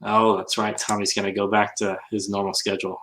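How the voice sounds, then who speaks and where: A man's voice: lowish voice, completely flat delivery, brisk, fairly bright tone, slight background noise. A man co-hosting a casual livestream, easygoing and self-deprecating, speaking over a computer mic. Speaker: co-host of a reseller livestream. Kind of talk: casual livestream chat while working.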